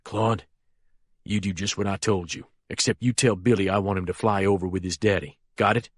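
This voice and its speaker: A man reading as a menacing younger male crime boss, speaking low and quietly controlled in an audiobook. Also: fairly even intonation, brisk, no echo, clean studio sound. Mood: commanding.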